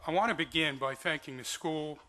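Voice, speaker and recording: A man's voice: a little high, fairly quick, sharp tone, poor audio. A man speaking formally and graciously at his brother's memorial service. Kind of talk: memorial speech.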